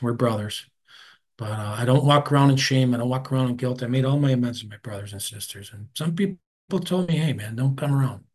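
A man speaks at a recovery meeting. He talks candidly and conversationally, with self-deprecating asides. His voice often trails off quietly at the ends of thoughts. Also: medium pitch. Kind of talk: personal recovery share.

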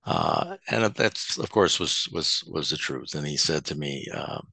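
A man sharing his personal testimony at a support meeting, halting and often restarting his words. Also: rumbling low, animated, creaky, bright, forceful tone, breathy edge, no room sound. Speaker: recovery speaker at a support meeting.

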